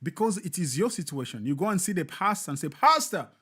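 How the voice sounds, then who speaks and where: A man's voice: fairly high pitch, lively intonation, fast talker, husky. A man hosting a live show, giving emphatic, repetitive, preacher-like commentary.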